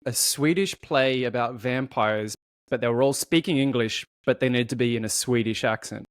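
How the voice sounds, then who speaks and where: A man's voice: medium pitch, moderate pace, clear, resonant tone, no echo. Chatty man hosting a podcast. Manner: chatty, self-interrupting. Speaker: podcast host. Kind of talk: casual chat.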